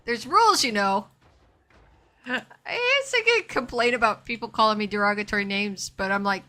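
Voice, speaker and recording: A woman's voice: medium pitch, expressive, normal speed, pushed and bright. A woman streaming a game live, chatting casually with her viewers and talking herself through what she is doing. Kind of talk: casual live-stream chat while playing.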